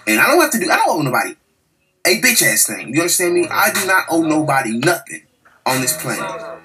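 A man's voice: a little high, bright, forceful tone, rough recording. An angry man delivering a heated, profane podcast monologue, repeating himself as he rants. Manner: heated, profane, repetitive ranting.

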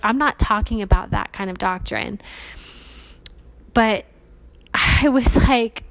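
A woman's voice: medium pitch, vocal fry. A woman hosting a podcast, telling a personal faith testimony in an earnest, chatty way full of casual fillers. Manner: earnest, chatty, many fillers like "like" and "you guys". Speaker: podcast host.

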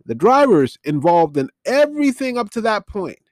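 A podcast host with a high, sing-song, slightly mellow voice recaps a film at a moderate pace, rambling, sounding incredulous, and often correcting himself. The recording is dry, with no room sound, in this casual film-recap commentary.

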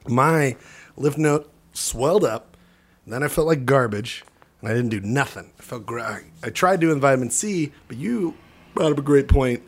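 A man's voice: mid-range voice, lively intonation, normal speed. A man co-hosting a casual comedy podcast, rambling and joking, swearing freely, with the hiccups. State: has the hiccups. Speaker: podcast co-host.

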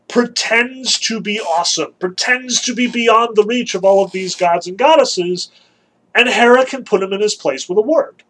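A man's voice: sits high, fairly bright tone, poor audio. A man giving a casual lecture on a classic text, conversational and emphatic, with wry asides.

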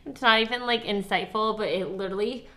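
A woman's voice: medium pitch, fast, bright, forceful tone, reverberant. A woman co-hosting a casual book podcast, gushing and emotional, swearing freely and filling her talk with "like". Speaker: podcast co-host. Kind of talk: casual chat.

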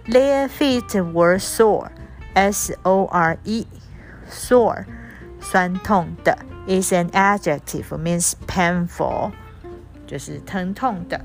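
Female teacher, unhurried read-aloud with word explanations, soft guitar bed underneath. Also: mid-range voice. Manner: spells out words letter by letter, switching between languages to explain. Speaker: English teacher. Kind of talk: reading a storybook aloud and explaining words.

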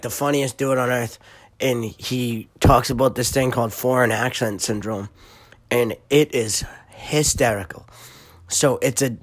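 A man's voice: mid-range voice, no room sound. A young man with a Boston accent, hosting a solo podcast in a rambling, profane, filler-heavy way. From Massachusetts. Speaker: podcast host. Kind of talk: casual solo podcast chat.

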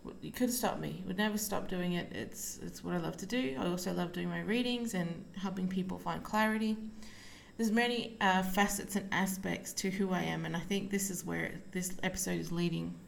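A woman hosting a casual solo podcast, talking while lying down at home, relaxed and rambling with many fillers. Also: lowish voice, normal speed, creaky, slight background noise. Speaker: podcast host and psychic medium.

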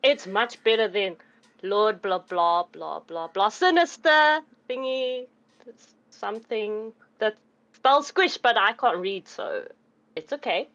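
A woman's voice: mid-range voice, lively intonation, slow pace, a bit bright, lo-fi sound. A woman playing a tabletop role-play game, cheeky and playful. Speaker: player. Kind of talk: casual role-play chat.

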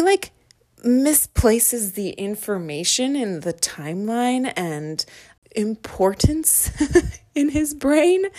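An American woman hosting a podcast, chatting casually and animatedly about a book, with quick asides. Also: a little high, a little mellow. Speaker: podcast host. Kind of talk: casual solo book discussion.

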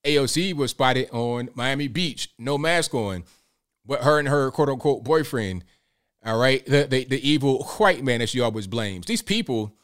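A man's voice: medium pitch, a bit bright. A man hosting a casual political commentary stream, rambling and digressing as he talks straight to his viewers. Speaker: livestream host.

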